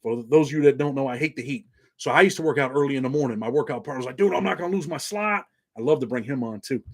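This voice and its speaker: A channel host in his forties from New York, with a slight Southern country twang, delivers a casual, streetwise monologue, calling his viewers "man" constantly. His mid-range voice keeps a steady tone while the words come rapid-fire, and his manner is laid-back.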